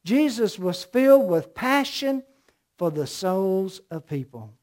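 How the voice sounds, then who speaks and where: Southern male preacher, middle-aged, high tenor, punches key words, tells stories from the pulpit. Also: big pitch swings, slow, darkish tone. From American South. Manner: emphatic, storytelling preacher with rising emphasis. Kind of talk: sermon.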